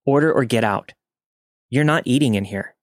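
A man's voice: mid-range voice, normal speed, no echo, studio quality, natural voice. A man voicing a young waitress who speaks with a polite customer-service tone that turns firm. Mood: stern.

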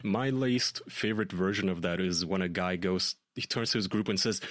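Lower-voiced ranting man, dry sound. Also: normal speed, few pauses, fairly bright tone, no echo. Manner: ranting, profane, exasperated. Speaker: podcast co-host. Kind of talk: casual chat.

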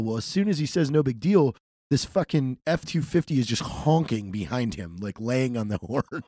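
A man's voice: medium pitch, expressive, brisk, dark tone, dry recording, clean studio sound. A man telling a service story in casual chat, profane and teasing. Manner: laid-back, profane, teasing. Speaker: podcast co-host, veteran.

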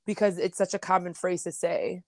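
A woman's voice: lowish voice, steady tone, a little fast, a little mellow, dry recording, studio quality. A woman co-hosting a podcast, chatting casually about a reality TV episode with frequent likes and restarts. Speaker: podcast co-host. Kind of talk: casual reality TV recap chat.

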